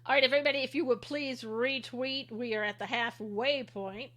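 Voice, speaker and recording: A woman's voice: a little high, fairly even intonation, moderate pace, fairly bright tone. A middle-aged woman hosting a casual livestream, reading viewer comments aloud and answering them with sarcasm and frequent laughs. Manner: sarcastic, chatty, laughs often.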